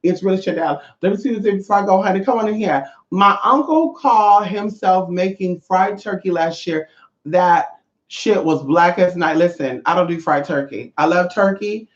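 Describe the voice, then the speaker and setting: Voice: medium pitch, moderate pace. Brash, profane spiritual teacher, echoey room. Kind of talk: casual vlog monologue. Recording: echoey, slightly dull room sound.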